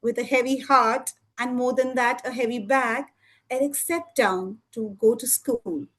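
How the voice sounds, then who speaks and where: High-voiced woman telling a lively story. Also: a little slow. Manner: lively, expressive, with sound effects. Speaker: storytelling student. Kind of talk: live storytelling performance for children.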